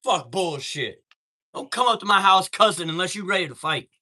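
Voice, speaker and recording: Man, live stream host, high-pitched, piercing bright tone, profane, heated, casual storytelling. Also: lively intonation, normal speed. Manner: reads out and greets chat viewers.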